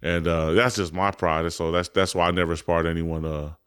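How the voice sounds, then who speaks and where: A man's voice: low-pitched, little pitch movement, normal speed, a bit bright, clear, resonant tone. A man co-hosting a casual podcast, a boxing coach who talks bluntly in street slang and swears freely. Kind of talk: casual chat.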